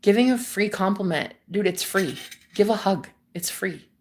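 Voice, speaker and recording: A young woman from the United States talks to her livestream audience in a casual, meandering way. She swears offhandedly and breaks into laughter often, with a voice of middling pitch for a woman. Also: expressive, moderate pace. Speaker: livestream host. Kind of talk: casual spiritual chat to viewers.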